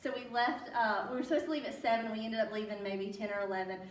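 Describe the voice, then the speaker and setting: A woman's voice: fairly high pitch, fast talker. A woman with a Southern American accent telling stories to a library audience in a chatty way, laughing often and quizzing her listeners. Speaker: library guest speaker. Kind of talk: casual storytelling talk to an audience. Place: public library meeting room. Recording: roomy, from a distant mic.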